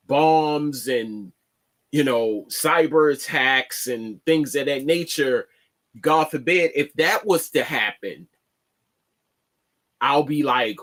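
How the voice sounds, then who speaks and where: Man, unhurried and plainspoken, stumbles and restarts as he talks his opinion on his show. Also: mid-range voice, a bit bright. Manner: halting, repeats words and restarts often; plainspoken, slangy. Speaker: online show host. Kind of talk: casual commentary monologue.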